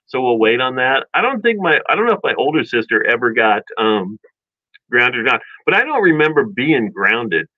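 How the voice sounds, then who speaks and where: A man casually telling childhood stories in a rambling, animated way, with many restarts and chuckles. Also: mid-range voice, moderate pace, no echo. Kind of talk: casual storytelling chat. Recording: dull dry lo-fi sound.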